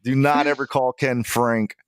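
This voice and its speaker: A man's voice: mid-range voice, steady tone, measured pace, heavy background noise. A man co-hosting a fight podcast in casual chat, swearing and trading jokes. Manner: swearing, joking banter. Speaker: podcast co-host.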